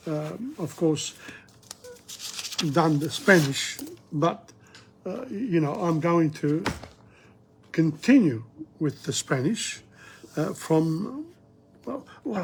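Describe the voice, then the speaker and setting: A man's voice: fairly high pitch, lively intonation, slow, long pauses, slight background noise. A man teaching a casual video language lesson, rambling a little and repeating each phrase aloud for practice.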